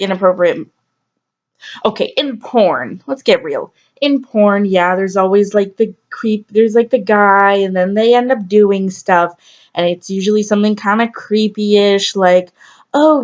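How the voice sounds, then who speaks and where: Candid, rambling woman vlogger. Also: mid-range voice. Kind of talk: casual storytelling to camera. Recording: slightly dull lo-fi audio.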